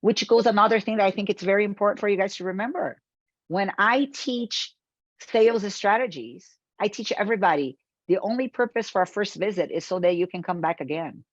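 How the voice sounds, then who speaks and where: With a mid-range voice and a slightly fast pace, a Brazilian webinar presenter gives an animated motivational sales talk, posing rhetorical questions directly to her audience. There's no echo, but the high frequencies are cut off.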